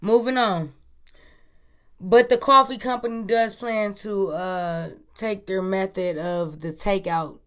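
A woman hosting a casual news chat podcast, talking in a profane, lively way and recorded on an iPhone. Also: mid-range voice, slow. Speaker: podcast host.

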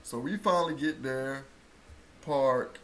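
A man telling a story in casual chat, acting out quotes and rising to loud bursts. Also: mid-range voice, slow. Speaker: co-host telling a birth story.

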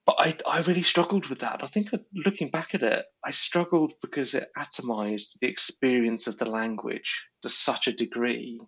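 Man, raspy voice, muffled lo-fi sound, reflective, stumbles over words. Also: medium pitch, normal speed, few pauses, a bit bright. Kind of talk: casual conversation. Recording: dull lo-fi audio.

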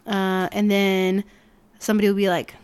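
A young woman in casual chat, telling lively stories and acting out customers in voices. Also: mid-range voice, moderate pace, clear, resonant tone. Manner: animated storyteller, acts out customers in voices.

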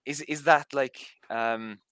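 A man's voice: medium pitch, fairly even intonation, slow pace, a bit bright, clean tone, rough recording. A man co-hosting a podcast review, talking casually and hesitantly, hedging with fillers. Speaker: podcast co-host.

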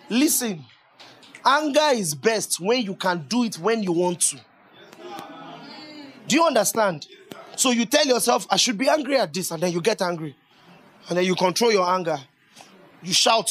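A man delivers a sermon in a high, bright voice. He talks to his congregation in an easy, conversational way, often checking that they are listening. His manner stays lively and warm throughout. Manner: lively and conversational, often laughing and asking the audience questions. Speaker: preacher.

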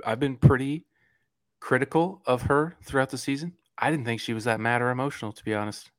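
A man's voice: mid-range voice, a little fast, fairly bright tone, dry recording. A man co-hosting a casual podcast in a laid-back, jokey way. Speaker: podcast co-host. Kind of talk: casual chat.

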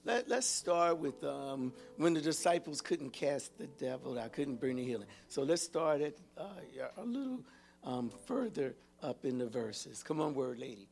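A man's voice: medium pitch, sing-song, normal speed, vocal fry, darkish tone. A man preaching an interactive Bible lesson, calling out to the congregation and repeating words as he searches for them. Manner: calls out to the congregation with repeated "hello?" and "whoa". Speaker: pastor and Bible teacher. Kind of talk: interactive teaching sermon.

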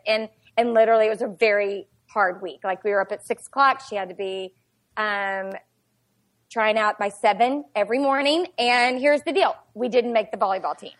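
A woman tells a family story on a podcast. Her voice sits a little high, and she talks in a chatty, animated way, with "like" all through it. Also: moderate pace. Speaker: podcast guest. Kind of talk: casual storytelling chat.

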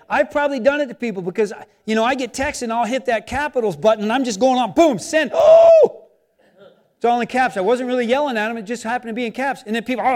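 A man with a notably high voice preaches as a pastor. His delivery is animated and conversational, and he voices people's anxious inner thoughts. He swings from emphatic, loud lines to soft, personal asides. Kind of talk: sermon.

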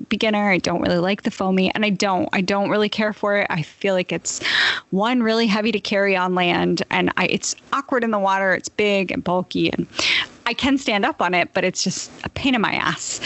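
A woman in casual chat, telling a profane, animated story full of laughs. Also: mid-range voice, no echo.

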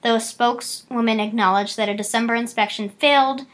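A woman's voice: fairly high pitch, steady tone. A woman co-hosting a casual chat, reading out news stories and reacting to them. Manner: chatty, fast bursts, laughs often. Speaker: podcast co-host.

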